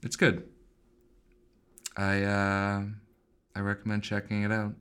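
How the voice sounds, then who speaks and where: A man's voice: lowish voice, completely flat delivery, slow, a bit bright, clear, resonant tone. A young man from Boston co-hosting a podcast, chatting loosely and rambling with lots of fillers. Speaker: podcast co-host. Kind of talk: casual chat.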